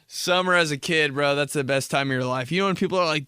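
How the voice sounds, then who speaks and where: Rambling, swearing young podcast host. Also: male voice, medium pitch, fairly quick, long pauses, sharp tone, clear, resonant tone, no echo, clean studio sound. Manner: rambling, slangy, heavy swearing. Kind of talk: casual comedic monologue.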